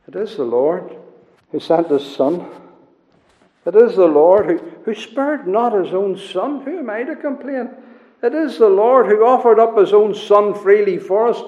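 A man preaching a sermon, driving his points home with repeated phrases. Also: high voice. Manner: emphatic repetition, rising and falling. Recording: echoey church hall, dull lo-fi sound.

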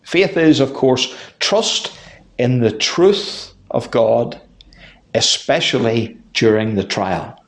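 Male pastor, mid-pitch voice, measured sermon delivery with restarts. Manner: measured preaching, with restarts and fillers. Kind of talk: midweek Bible study sermon.

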